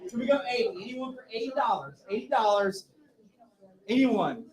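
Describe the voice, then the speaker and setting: A man's voice: very high-pitched, animated, moderate pace. A man auctioning off a keepsake at a political rally, playfully prodding the bidders. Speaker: fundraiser auctioneer. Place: brewery rally. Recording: echoey space with crowd.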